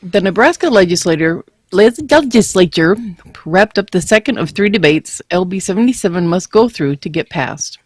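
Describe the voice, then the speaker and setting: A woman with a low voice reads news items on a podcast in a steady, even way. Her voice sounds close and dry. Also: moderate pace, few pauses, no room sound. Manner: steady, read-aloud delivery. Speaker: podcast co-host.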